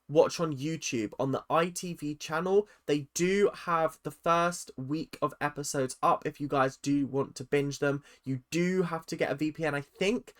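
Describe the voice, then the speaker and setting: A young British man chatting sassily and animatedly to his viewers in a casual reality-TV commentary rant. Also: a little high. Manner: chatty, sassy, animated, talks straight to viewers.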